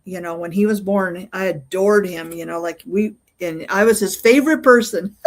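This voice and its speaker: A woman's voice: on the low side, moderate pace. A middle-aged woman, a guest in an interview, telling a personal story in a casual, rambling way with many fillers and restarts.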